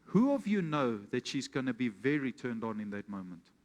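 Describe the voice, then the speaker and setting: Pastor preaching in a big hall. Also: male voice, medium pitch, sing-song, moderate pace, darkish tone. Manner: calls out questions to the congregation; tells a storytelling example. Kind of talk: sermon. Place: church hall with congregation. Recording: long reverb of a church hall.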